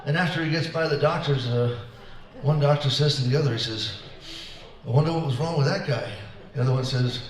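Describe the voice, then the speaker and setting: A man's voice: medium pitch, a little fast, crowd noise. A man telling a string of jokes to a senior center audience in an easygoing way, playing the voices of his characters. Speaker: performer at a senior center concert. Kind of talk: telling jokes between songs. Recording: echoey room, voice from far off.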